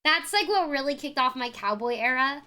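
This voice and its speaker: A woman's voice: high voice, lively intonation, moderate pace, sharp tone. A young woman streaming live, chatting casually and effusively thanking viewers by name. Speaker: variety streamer.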